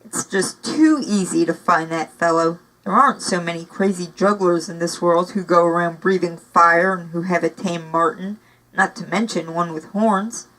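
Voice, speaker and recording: Woman voicing a sneering soft-spoken villain man. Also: fairly low pitch, natural voice, rough recording. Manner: soft, menacing, scornful. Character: menacing adult male villain, sneering.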